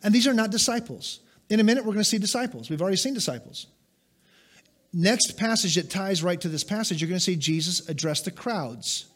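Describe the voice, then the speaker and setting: A high-pitched male pastor delivering a sermon. He leans hard into key words, then eases into conversational remarks to his listeners, as if mid-teaching. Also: lively intonation, fairly quick, a bit bright. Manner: emphatic, rises and drops sharply for stress; conversational asides to the congregation.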